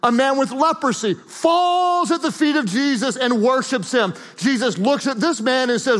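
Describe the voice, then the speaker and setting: High-voiced preacher man, dramatic sermon. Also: moderate pace, few pauses, a bit bright, in a large hall. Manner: dramatic, acts out scripture scenes, calls for audience to repeat. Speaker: pastor.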